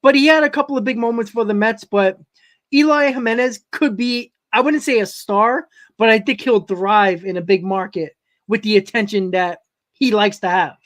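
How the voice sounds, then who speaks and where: A man's voice: high voice, moderate pace, fairly bright tone. A man with a New York accent hosting a live-stream sports talk show, rambling and often correcting himself as he answers his chat. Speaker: host.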